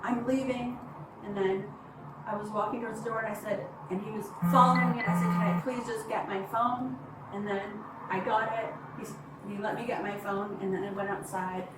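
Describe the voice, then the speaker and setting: A woman recounting an incident to police, halting and rambling with many fillers. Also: medium pitch, fairly even intonation. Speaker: complainant reporting to police. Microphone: body-worn camera. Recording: echoey, distant, noisy bodycam audio.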